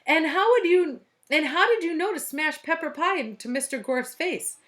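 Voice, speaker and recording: A woman doing an insistent high schoolgirl. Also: expressive, moderate pace, fairly bright tone. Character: questioning young schoolgirl.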